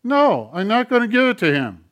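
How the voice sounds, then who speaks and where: A man's voice: sits high, huge pitch swings, moderate pace, fairly bright tone, voice pushed up, heavily acted. A man voicing his own hand as a stubborn, defiant talking puppet that taunts and talks back. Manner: bratty, taunting.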